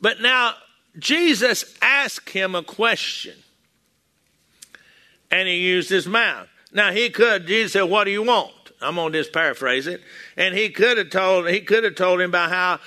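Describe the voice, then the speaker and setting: Bright high-voiced Texan preacher. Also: male voice, a little slow. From Texas. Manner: folksy storytelling with acted-out quotes. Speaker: pastor. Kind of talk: sermon.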